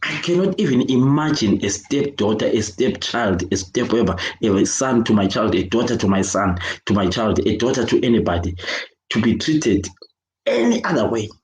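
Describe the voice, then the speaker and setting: A man with a Zimbabwean accent talks in a fired-up rant, angry and insistent, hammering the same points over and over. His voice sits fairly low, and the room around him gives off a noticeable echo. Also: very animated, moderate pace, a little mellow. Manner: angry, emphatic, repetitive, switching between English and Shona. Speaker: children's worker speaking out. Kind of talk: impassioned video rant.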